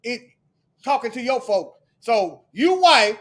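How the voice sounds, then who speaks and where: A man delivering a heated, preachy monologue to his viewers, firing off repeated rhetorical questions and sometimes shouting. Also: extremely high pitch, big pitch swings, takes it slowly. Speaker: video commentator.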